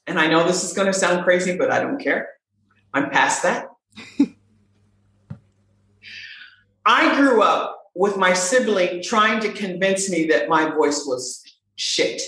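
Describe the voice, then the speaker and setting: Woman voice coach, lively swooping delivery, heavy room echo. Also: fairly low pitch, a little slow. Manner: animated, playful, emphatic repetition. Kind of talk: casual interview talk. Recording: very echoey room.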